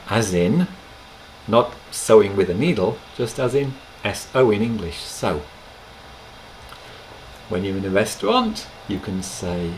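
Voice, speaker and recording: Male language teacher, low and gravelly, slow, patient delivery, webcam-mic video lesson. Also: slight background noise, poor audio. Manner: slow, unhurried explaining with gentle pauses. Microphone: webcam microphone.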